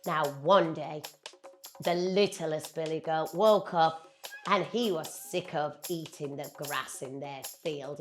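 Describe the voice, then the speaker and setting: A young British woman tells a children's story very slowly, her voice bouncing up and down with playful energy. Faint music plays underneath. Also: lowish voice. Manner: animated and playful, drawing words out.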